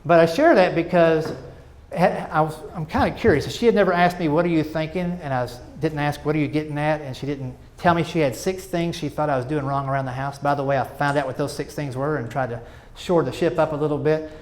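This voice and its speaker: A middle-aged man spins self-mocking stage stories in a fairly high voice. He talks in an animated, chatty way and keeps turning to the crowd with asides. A faint hiss sits under him. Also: fairly quick. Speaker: stand-up comedian. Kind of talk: stand-up storytelling. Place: stage before a live audience.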